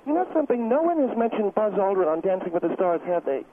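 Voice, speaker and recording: A man's voice: high voice, big pitch swings, moderate pace, pitched above the performer's own voice. A man voicing a defensive middle-aged woman dance teacher on a comedic phone-in, indignant and self-pitying. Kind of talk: comedic phone-in role-play. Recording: tinny phone line with noise.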